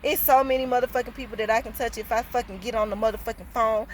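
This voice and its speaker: A woman's voice: a little high, fairly even intonation, fast, hardly any pauses, a little hiss or hum. A woman telling a casual storytime on her vlog, blunt, slangy and passionate, swearing freely. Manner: slangy, streetwise talk. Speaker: vlogger.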